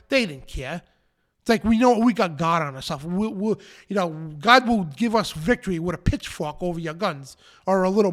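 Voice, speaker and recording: High-voiced guy ranting on his live show, defiant and fired up, keeps repeating himself. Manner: emphatic, defiant, repeats phrases. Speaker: show host. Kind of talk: fiery preaching rant on a live show.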